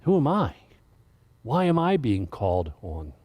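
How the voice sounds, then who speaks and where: A man's voice: mid-range voice, huge pitch swings, measured pace, slightly rough, muffled recording. Earnest man telling a sermon story. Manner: casual and earnest, with many restarts and stumbles. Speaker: director of children's ministry giving the message.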